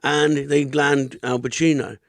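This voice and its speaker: A man's voice: on the high side, flat delivery, unhurried, no echo, studio quality. A man hosting a comedy podcast, chatting casually and telling stories full of swearing and put-on voices. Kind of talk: casual chat.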